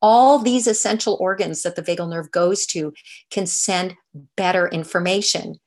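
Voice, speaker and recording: An older woman giving an online lecture over slides, explaining in a soft, unhurried way. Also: fairly low pitch. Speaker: movement teacher.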